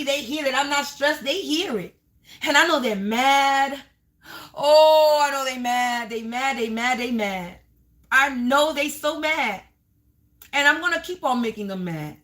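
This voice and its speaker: A woman hosting her own channel, ranting loudly at viewers and trolls, cursing and calling them sweetie and honey. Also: sits high. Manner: loud, yelling, cursing, confrontational. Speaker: spiritual channel host. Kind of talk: ranting livestream vlog.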